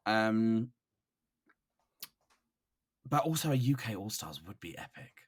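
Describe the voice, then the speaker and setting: A man from Brighton with an English accent, a guest on a podcast, chatting casually with hesitant pauses and playful teasing. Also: on the low side, animated, slightly rough. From Brighton, England. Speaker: guest drag performer.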